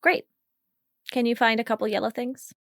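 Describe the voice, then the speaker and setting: A woman's voice: a little high, steady tone, normal speed, dry recording, clean studio sound. A woman hosting a live coaching call, chatty and encouraging, laughing often as she guides the talk. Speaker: podcast host and communication coach.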